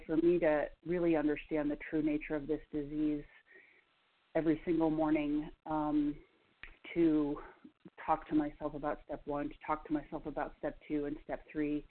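An earnest woman tells her own recovery story over a tinny phone line. She speaks haltingly, with many ums and pauses. The call sounds narrow and thin. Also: low voice. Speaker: meeting participant sharing. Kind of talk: personal recovery share.

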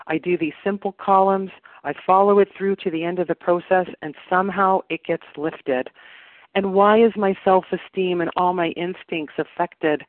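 A meeting member calls in to a recovery meeting and gives a personal share that is earnest and thoughtful, delivered in slow, weighty phrases. Her voice is on the low side with fairly even intonation, and the tinny phone audio has no room sound.

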